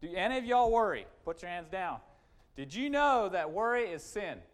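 A man preaching a sermon, emphatic and repetitive, swinging from loud urgent points to quiet asides. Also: high-pitched, very animated, moderate pace. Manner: emphatic, repetitive restarts, rising and falling sharply.

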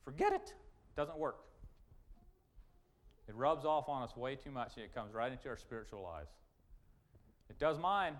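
A man preaching a sermon, emphatic and repetitive, swinging from loud urgent points to quiet asides. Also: mid-range voice, lively intonation, normal speed, pauses often. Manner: emphatic, repetitive restarts, rising and falling sharply.

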